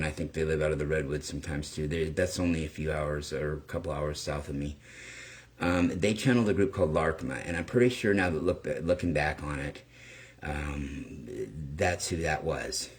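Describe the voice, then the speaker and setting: A man hosting his own channel, telling a personal story in a rambling, casual way, swearing now and then and checking in with "okay?". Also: very deep voice. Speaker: channel host.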